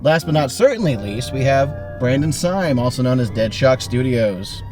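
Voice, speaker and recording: Man, podcast host, theatrical read-aloud, mid-pitched voice, background music. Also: big pitch swings, normal speed. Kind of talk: reading a gamebook aloud.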